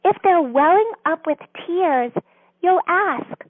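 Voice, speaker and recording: A woman author, a guest on an interview, explaining a counseling method in a gentle, earnest, teacherly way. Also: very high-pitched, expressive, slow, dry recording. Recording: dry phone-line sound.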